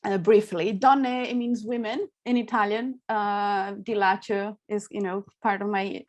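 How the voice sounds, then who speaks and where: A woman's voice: medium pitch, steady tone, measured pace, lo-fi sound. Chatty woman on a video call. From Brazil. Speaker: soprano and panelist. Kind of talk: online panel talk.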